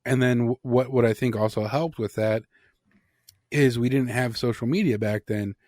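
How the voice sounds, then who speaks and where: Male co-host, mid-pitch, dry close sound, blunt and casual with swearing. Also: steady tone, moderate pace, a little mellow, no echo. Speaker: podcast co-host. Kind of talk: casual chat.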